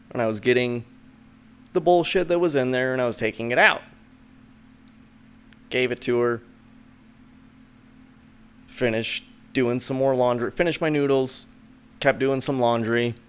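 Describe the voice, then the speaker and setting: Guy rambling through a story, slow and unhurried, smooth clear voice. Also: fairly bright tone. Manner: rambling, lots of "like" and "and then"; mocks the friend's lines in a higher voice. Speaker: show host. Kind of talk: casual storytelling.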